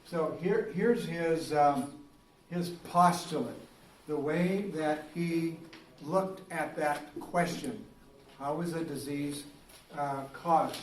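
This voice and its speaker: A man's voice: on the high side, slow pace, a little hiss or hum. A male biology teacher giving a casual, rambling classroom lecture, full of fillers and restarts. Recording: roomy classroom, recorded from a distance.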